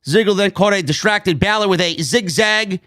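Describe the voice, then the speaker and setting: A man's voice: sits high, normal speed, a bit bright. A man reviewing a wrestling show on his own, blunt and sarcastic, swearing freely. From New York. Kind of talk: opinionated solo show review.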